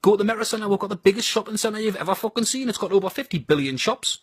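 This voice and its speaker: A man's voice: high-pitched, very fast, slightly rough, no echo, studio quality. A man with a Geordie accent giving a crude, blunt and sardonic comic monologue about his home city. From North East England.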